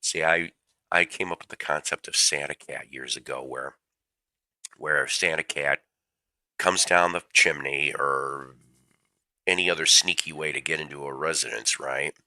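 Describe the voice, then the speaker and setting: Very deep, forceful man with a cold. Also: fairly even intonation, moderate pace, no room sound. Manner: rambling storyteller, jokey asides. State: fighting a cold. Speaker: livestream host. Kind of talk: casual rambling chat. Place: home room with his cat.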